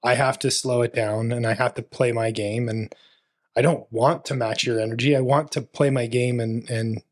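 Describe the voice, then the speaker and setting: Mid-pitched male co-host, easygoing delivery full of fillers. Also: moderate pace. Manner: relaxed, filler-heavy, many "you know" and "like". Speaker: podcast co-host. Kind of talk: casual conversation.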